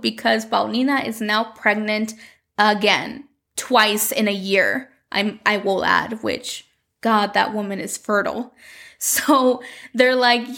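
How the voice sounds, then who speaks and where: A woman casually recapping a telenovela episode, quoting the characters in quick asides. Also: a little high, a bit bright. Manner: chatty, quotes characters in quick bits.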